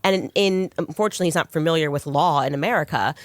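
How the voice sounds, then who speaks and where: A woman's voice: low voice, no room sound. A pregnant woman speaking as an interview guest, emphatic and indignant in casual conversation. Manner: emphatic, indignant, fast talking.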